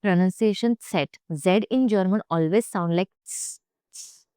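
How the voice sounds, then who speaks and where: A woman's voice: medium pitch, normal speed, warm tone, clean tone, no echo, clean studio sound. A young woman teaching German pronunciation, speaking carefully and repeating each sound for learners. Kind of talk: pronunciation lesson.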